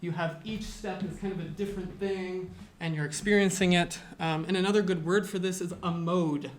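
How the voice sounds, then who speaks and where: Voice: medium pitch, steady tone, fairly quick, slight background noise. Chatty teacher in a loose lecture. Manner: loose and chatty, with frequent fillers and self-corrections. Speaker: music teacher. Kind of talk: casual lecture.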